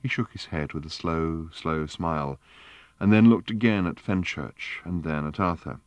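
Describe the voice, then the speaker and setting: A man with a very low, deep voice narrates a novel in a measured, dryly wry way. The recording is close and dry, with no room sound. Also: no echo. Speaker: audiobook narrator. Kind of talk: scripted narration.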